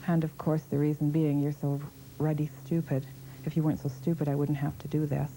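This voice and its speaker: Low, dark-voiced woman speaking bluntly. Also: level tone, a little fast, slight background noise, poor audio. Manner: plain-spoken and direct. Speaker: interviewee. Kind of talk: personal testimony.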